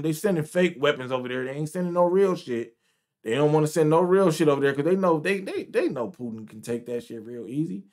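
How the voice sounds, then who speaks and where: Man, ranting commentary, profane, repetitive, rising to loud peaks. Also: on the high side, animated, a little fast. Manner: loud, profane, repeating himself.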